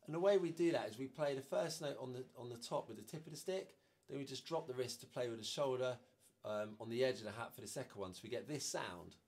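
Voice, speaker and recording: A man's voice: medium pitch, quick pace, a little mellow, a little hiss or hum. Male drum teacher with a loose, chatty delivery and a mid-range voice, counting beats aloud. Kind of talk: instructional drum lesson.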